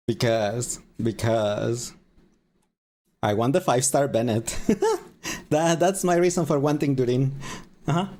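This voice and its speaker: Slow, animated streamer guy. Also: medium pitch. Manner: rambling, halting with fillers, chatting to viewers. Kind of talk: casual live-stream chat.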